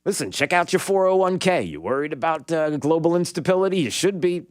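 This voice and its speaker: A male talk radio host with a fairly high voice that swings up and down a lot as he rants. He is sarcastic and bantering, heard on a dry, close studio mic. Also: brisk, no room sound. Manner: sarcastic, animated, banters with producer. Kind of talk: opinionated talk radio monologue.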